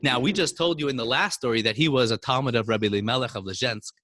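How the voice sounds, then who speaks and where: A man's voice: fast talker, dry recording, clean studio sound. A man telling Hasidic stories to children as a teacher in an online class. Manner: animated, with sudden swings of pitch. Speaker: storyteller teacher. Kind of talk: storytelling for children.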